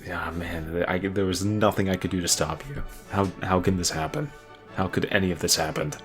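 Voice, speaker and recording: Deep-voiced man rambling about games. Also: moderate pace, over music. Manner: rambling, laughs often, swears casually. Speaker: podcast co-host. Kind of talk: casual gaming chat.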